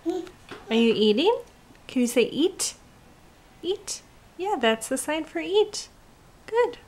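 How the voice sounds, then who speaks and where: A woman talking baby talk to a toddler, coaxing in a slow sing-song voice and imitating animal sounds. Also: high voice, very animated, a little mellow, slight background noise.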